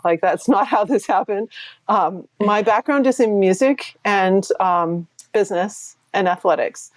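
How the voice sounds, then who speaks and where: A woman in her sixties from New Hampshire, a performance coach telling her story as an interview guest in a chatty, animated way with frequent laughs. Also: mid-range voice, moderate pace, dry recording. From New Hampshire, USA. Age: 60s. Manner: chatty, laughs often, animated retelling with quoted voices.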